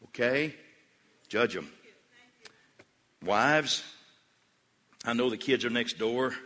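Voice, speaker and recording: A man preaching from the pulpit of a church sanctuary, his voice bright and forceful. He drops to a hushed storytelling tone, then rises into loud, emphatic calls to the congregation. A long reverb trails every phrase. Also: medium pitch, expressive, slow pace. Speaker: pastor. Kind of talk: sermon.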